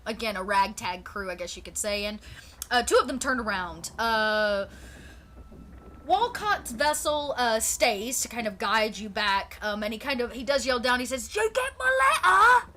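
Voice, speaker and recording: Woman game master, chatty narrator, bright higher voice, faint noise in the recording. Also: animated, a little slow. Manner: chatty, lots of fillers and restarts.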